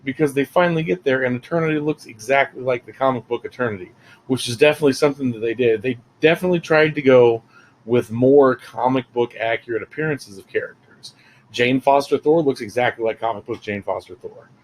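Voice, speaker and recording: A man's voice: mid-range voice, brisk, a little hiss or hum, rough recording. Man, film reviewer, casual rambling talk, lots of ums. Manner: rambling, chatty, many fillers.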